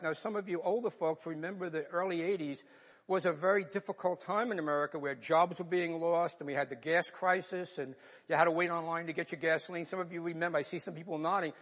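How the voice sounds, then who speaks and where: Talking fast in a high, fairly bright voice with a steady tone, an older New York–accented pastor delivers a sermon built around a personal story. He's earnest and emotional, and the church sanctuary gives the audio a long, large-hall reverb.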